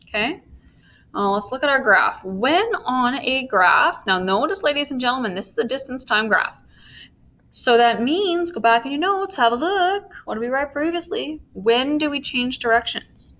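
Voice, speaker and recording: Bright-voiced woman teaching physics. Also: high-pitched, animated, moderate pace. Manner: walks through steps, checks in with "okay?"; playful asides. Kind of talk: recorded physics lesson.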